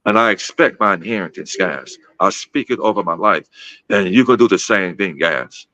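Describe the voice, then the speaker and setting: A man's voice: deep voice, animated, normal speed, pushed and bright, no echo, low-quality recording. A man in his fifties from Gary, Indiana, telling a personal story in a casual, repetitive way, often calling his listeners guys. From Gary, Indiana, USA. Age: 50s. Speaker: guest speaker.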